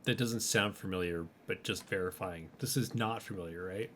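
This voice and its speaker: A man's voice: low-pitched, normal speed, crowd noise. A man playing in a tabletop game, chatting casually and playfully. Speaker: player. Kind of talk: casual chat.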